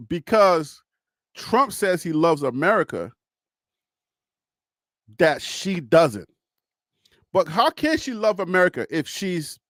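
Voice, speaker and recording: High-voiced man chatting, dry close sound. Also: no room sound. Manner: laughs often, chatty, explains step by step; addresses a caller or chatter directly. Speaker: host. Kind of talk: casual political discussion.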